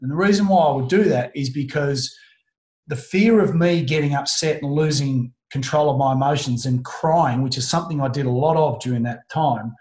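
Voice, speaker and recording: A middle-aged Australian man telling a personal story in an interview, earnest and halting, often restarting his sentences. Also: fairly high pitch, darkish tone. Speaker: guest. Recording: roomy echo.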